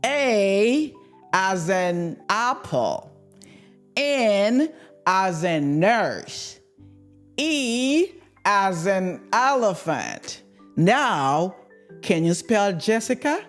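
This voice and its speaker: Slow Haitian-accented woman teaching letters. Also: mid-range voice. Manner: slow, repeats words, switches between English, French and Creole. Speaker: language teacher. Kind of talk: alphabet lesson for learners.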